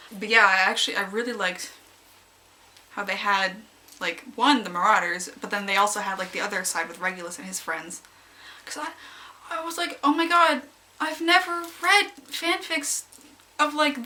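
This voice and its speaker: A young woman giving a casual, rambling review of a story she loved, excitable and giggly, jumping into high squeals when she acts out her own reactions. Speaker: fanfic reviewer.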